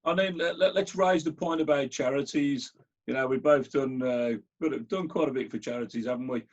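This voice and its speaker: Husky, hesitant host. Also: male voice, medium pitch, a little fast. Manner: hesitant, with many fillers and restarts. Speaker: host and interviewer. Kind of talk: conversational interview. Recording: dull, lo-fi sound.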